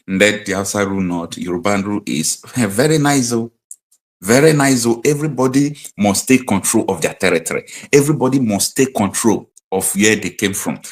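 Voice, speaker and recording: A man with a Nigerian accent hosting an online political commentary show, talking emphatically and repeating his points. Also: fairly low pitch. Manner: emphatic, repetitive, preaching tone. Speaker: host.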